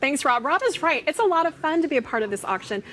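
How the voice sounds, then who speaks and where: Female TV auction host, brightly pitched, upbeat, drives the bids and repeats the call-in number. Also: animated, quick pace, a little hiss or hum. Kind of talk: televised auction presenting. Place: TV studio.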